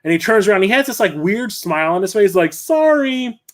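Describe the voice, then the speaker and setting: A man's voice: sits high, quick pace, fairly bright tone. A middle-aged man hosting a livestream, telling stories in a loose, rambling, conversational way. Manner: rambling, conversational storytelling with frequent restarts. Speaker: host. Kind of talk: casual livestream chat.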